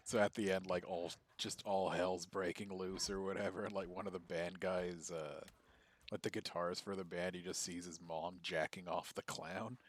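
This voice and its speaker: A man's voice: deep voice, level tone, normal speed. A man chatting casually with friends during a game stream, rambling, cursing and laughing as he tells stories. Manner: profane, laughing, rambling storyteller. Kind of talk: casual chat while gaming.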